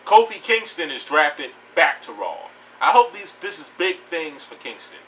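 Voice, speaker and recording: A man's voice: a little high, sing-song, normal speed, a bit bright, recorded from a distance, a little hiss or hum, low-quality recording. A man giving a blunt, profane, rambling rant about pro wrestling news in a casual home video. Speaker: wrestling vlogger.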